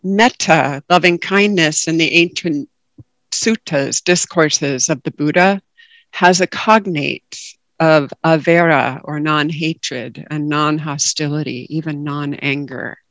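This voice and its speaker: Slow, calm woman teaching meditation. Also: low-pitched, no echo. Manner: calm, reflective, unhurried teaching. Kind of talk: dharma talk.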